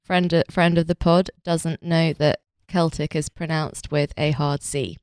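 A woman's voice: deep voice, steady tone, unhurried, darkish tone, smooth, dry recording, clean studio sound. A woman hosting a casual comedy podcast, hesitant with many restarts. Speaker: podcast host.

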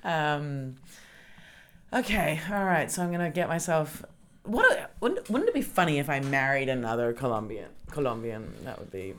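A woman's voice: rumbling low, expressive, normal speed. A young adult woman hosting a podcast, chatting casually and laughing often. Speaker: podcast host. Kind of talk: casual chat.

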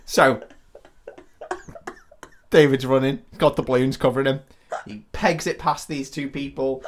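Bloke, easygoing storyteller, mid pitch. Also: male voice, fairly even intonation, unhurried, a little hiss or hum. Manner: laid-back storytelling, swears freely, laughs a lot. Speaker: podcast co-host. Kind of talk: comic film retelling.

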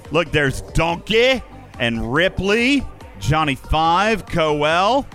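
A man's voice: sits high, animated, unhurried, bright, forceful tone, faint music behind. A man hosting a casual podcast livestream, playful and hyping up his audience. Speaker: podcast host.

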